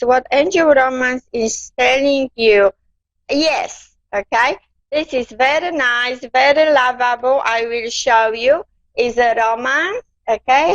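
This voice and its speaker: A woman with non-native English gives a slow, unhurried spiritual reading on a live stream, coaxing and reassuring, with frequent "okay?" tags. Her voice sits a little high. The sound is dry and slightly dull, like lo-fi stream audio. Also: no room sound. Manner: non-native English, gentle and coaxing, calls the viewer darling and keeps asking okay. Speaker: psychic card reader hosting a live stream.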